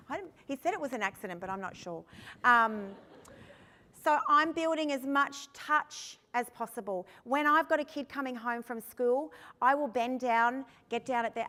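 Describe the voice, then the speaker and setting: A woman who is a foster carer, giving a lively, candid workshop talk at a conference. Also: fairly high pitch. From Australia. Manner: lively and candid, with quick asides. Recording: long hall reverb.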